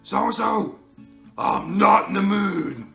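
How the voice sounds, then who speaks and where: A man's voice: high voice, little pitch movement, fast, fairly bright tone, voice pushed up. A man voicing a huffy, defensive teenage boy who dreams of pro wrestling. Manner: sulky, defensive. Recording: roomy echo, faint music.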